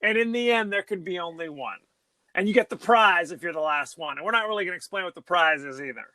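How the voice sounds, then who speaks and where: A man with a notably high, bright voice, talking in loose, excitable podcast chat. He laughs a lot and bursts into exclamations. The sound is close and dry. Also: quick pace, dry recording. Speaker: podcast co-host. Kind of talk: casual chat.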